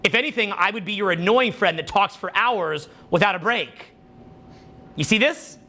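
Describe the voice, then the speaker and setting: A man giving a casual motivational talk about social skills, rambling, animated and full of "like" and "right?". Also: high-pitched, normal speed. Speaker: dating and social skills coach.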